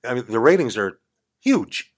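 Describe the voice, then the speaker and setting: A man's voice: medium pitch, very animated, normal speed. An older man, a radio talk show host, telling profane, chatty anecdotes as a guest in a podcast studio. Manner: blunt, profane, chatty raconteur. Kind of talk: casual anecdotal storytelling.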